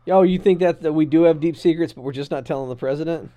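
Thirties guy cohosting a podcast, goofy rambling chat, slightly high voice. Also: quick pace, mellow. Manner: jokey, rambling, acts out silly scenarios. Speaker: podcast co-host. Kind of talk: casual political chat.

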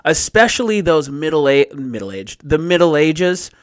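Young man, podcast co-host, casual chat, animated, swears a lot, voice a bit high. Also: unhurried, clean tone. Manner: animated, swears freely, rambling storyteller.

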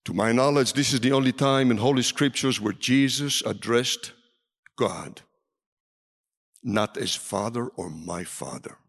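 A man preaching a sermon in a large hall, dramatic, swinging from loud calls down to near whispers. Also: mid-range voice, measured pace, vocal fry. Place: large hall with a seated audience. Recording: reverberant hall.

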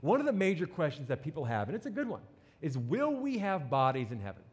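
A man from New Jersey with a slight New Jersey accent, preaching a sermon as pastor with animated, joking asides to the congregation. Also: fairly high pitch, quick pace.

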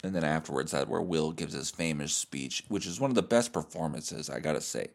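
A comedian and podcast host talking alone, rambling in a profane, self-deprecating way. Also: male voice, rumbling low, a little fast, vocal fry. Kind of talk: solo podcast monologue.

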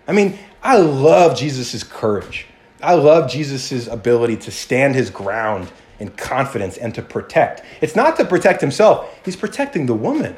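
A male pastor preaching a sermon in an animated, conversational way, often restarting and acting out quotes. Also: medium pitch, normal speed.

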